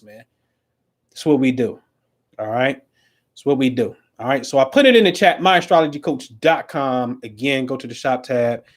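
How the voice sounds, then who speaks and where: Man, middle-aged, livestream host, slangy, preachy, emphatic, mid-pitched voice. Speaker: astrology coach and show host. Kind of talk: casual livestream talk.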